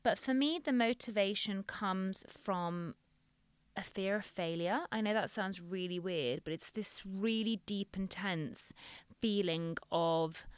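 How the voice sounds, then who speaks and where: A woman's voice: medium pitch, slow, clear, resonant tone, no echo. A woman speaking in an earnest, open and reassuring way as a podcast guest, sharing her views frankly. Her voice sits in a middle register and is close and dry, with no room around it. She sounds candid and conversational. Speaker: dentist guest.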